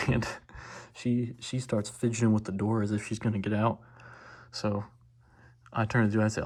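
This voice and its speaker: A man tells a story as a collector vlogger in a low, gravelly voice. He sounds husky and rough at the edges. His delivery is rambling and laid-back, and he corrects himself as he goes. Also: flat delivery, quick pace. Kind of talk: casual storytelling.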